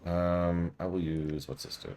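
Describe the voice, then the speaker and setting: A man's voice: low voice, steady tone, unhurried, darkish tone, a little hiss or hum. A man casually playing through a game on stream, chatting and muttering to himself as he reads the dialogue aloud.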